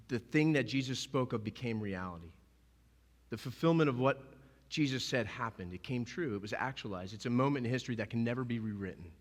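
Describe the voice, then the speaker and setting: A male pastor preaching a sermon, animated and emphatic, acting out scenes as he goes. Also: medium pitch, long reverb tail. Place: church sanctuary.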